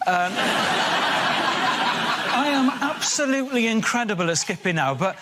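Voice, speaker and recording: A man in his thirties doing a stand-up routine, animated and bursting into shrill character voices. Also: normal speed, heavy background noise. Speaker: comedian.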